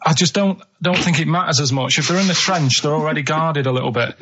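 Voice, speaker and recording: A man's voice: on the high side, fast, fairly bright tone, slight background noise. A man on a comedy radio show, telling a puzzle in a plain, stubborn, matter-of-fact way. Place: radio studio. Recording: dull lo-fi radio broadcast.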